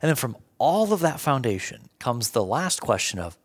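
A man's voice: medium pitch, big pitch swings, normal speed. A man being interviewed, earnestly explaining ideas step by step with everyday examples. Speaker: Bible scholar guest. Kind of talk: conversational teaching.

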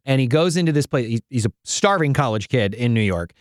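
A man hosting a casual faith-focused chat, a playful and animated storyteller. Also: medium pitch, a little fast, dry recording, studio quality. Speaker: podcast host.

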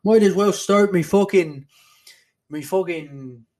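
A man's voice: sits high, slow, voice pushed up. A man putting on a brash Irish fighter. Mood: boastful. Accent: put-on Irish. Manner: loud, swaggering, sweary.

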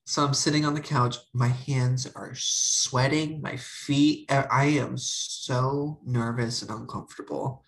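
A woman's voice: very deep voice, a little slow, few pauses, rough recording. A young woman co-hosting a podcast, telling a personal story in casual chat and acting out her family's lines. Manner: animated, acts out family members' voices. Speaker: podcast co-host.

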